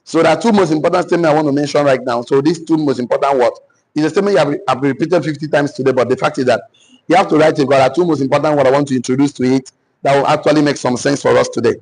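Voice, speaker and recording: Husky Nigerian man dictating lessons. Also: a little high, darkish tone, poor audio. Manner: repeats phrases slowly for note-taking; preacher-like, cites scripture. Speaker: business mentor. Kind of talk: motivational teaching session.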